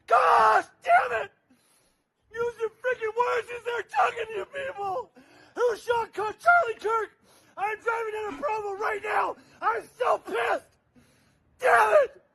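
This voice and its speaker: A man sobs and shouts in a raw, furious rant, his voice pitched very high and strained. It grates with gravel and a sharp, tense edge. He is recording himself in a car. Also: fairly even intonation, unhurried, rough recording. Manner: furious, profane outburst. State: crying and shouting. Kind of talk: emotional phone-video rant.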